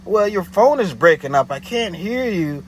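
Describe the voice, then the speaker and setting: Flustered office woman voiced by a man, high and stammering, full of excuses. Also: animated, normal speed, slight background noise. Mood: defensive. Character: flustered evasive woman office clerk on phone.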